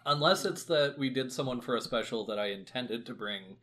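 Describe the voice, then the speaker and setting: A man co-hosting a book podcast in casual chat, speaking in a wordy, wry, measured way. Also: medium pitch, expressive, a bit bright. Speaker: podcast co-host.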